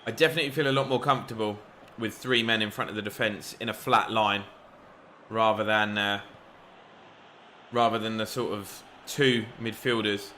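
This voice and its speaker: A man commentating on his own football video game match, excitable and quick to shout at the referee. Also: on the low side, slight background noise. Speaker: gaming YouTuber.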